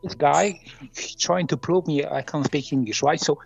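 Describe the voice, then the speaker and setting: A man's voice: fairly high pitch, moderate pace, creaky, breathy edge, lo-fi sound, soft background music. A man whose first language is Polish, insisting and defending himself in a heated casual chat.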